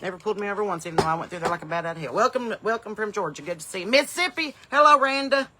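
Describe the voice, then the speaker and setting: Bright, chatty woman hosting a live stream. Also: medium pitch, expressive, rapid-fire, a little hiss or hum. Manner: folksy, upbeat, bursts of loud welcomes between rambling asides. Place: home porch in the evening.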